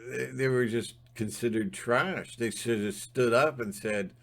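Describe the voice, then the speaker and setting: Male channel host, fired-up ranting monologue, unhurried but intense. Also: medium pitch, creaky. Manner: emphatic, fired-up, sometimes shouting.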